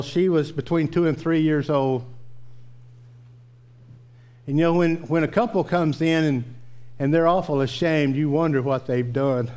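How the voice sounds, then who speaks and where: A preacher with a fairly high voice gives a sermon. He mixes homespun storytelling with emphatic repetition. He drives his points home. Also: a little mellow, clean tone. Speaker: pastor.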